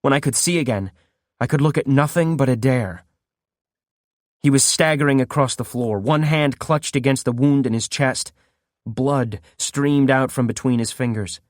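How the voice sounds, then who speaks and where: A man narrating a horror audiobook in steady first-person storytelling. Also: mid-range voice, moderate pace, no room sound, clean studio sound.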